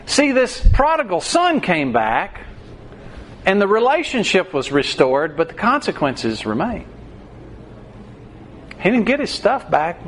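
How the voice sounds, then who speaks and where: A man preaching a sermon in a high-pitched voice that rises and falls constantly as he tells the story. His delivery is animated and storytelling-driven. Faint hiss runs under the recording. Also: unhurried, pauses often. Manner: animated storytelling, acting out the scripture.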